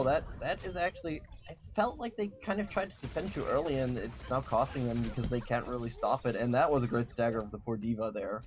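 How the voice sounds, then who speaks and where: A man casting an esports match, giving measured, analytical play-by-play and breaking down team compositions. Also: mid-range voice, a little hiss or hum. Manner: measured analytical commentary with some fillers. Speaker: esports caster.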